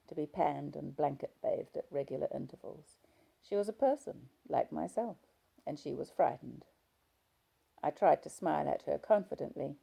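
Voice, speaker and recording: A woman narrating a novel in first person with a low voice. Her tone is dark and heavily gravelly, with a steady reading pace. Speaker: audiobook reader.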